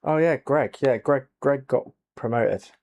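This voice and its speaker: A man giving soft-spoken ASMR commentary over a racing game, quiet and low-key, with dry jokes. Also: a little slow, gravelly. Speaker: gaming channel host.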